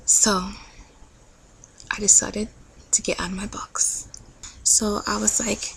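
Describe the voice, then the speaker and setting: A woman's voice: medium pitch, little pitch movement, a little slow, creaky, pauses often, slightly rough, low-quality recording. A young adult woman telling an earnest, chatty personal story in a casual vlog, with many fillers. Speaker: vlogger.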